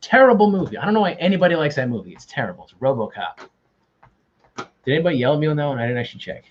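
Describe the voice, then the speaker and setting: A man's voice: medium pitch, big pitch swings, racing, dull audio, a little hiss or hum. A man hosting an online quiz, bantering casually and teasing himself. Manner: joking, self-deprecating banter. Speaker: quiz host.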